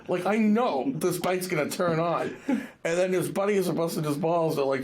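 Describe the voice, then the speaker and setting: A fishing-show host with a voice pitched a bit above most men's, telling stories with lots of energy. He talks casually and drops the odd curse for effect. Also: moderate pace. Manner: animated storyteller, salty language. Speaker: podcast host and fishing guide. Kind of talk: casual chat.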